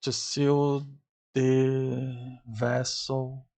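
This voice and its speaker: Guy with english as a second language, slow and halting, keeps searching for words and repeating them. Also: medium pitch, level tone, dark tone. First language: not English. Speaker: anime reaction channel host. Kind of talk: casual theory-crafting reaction.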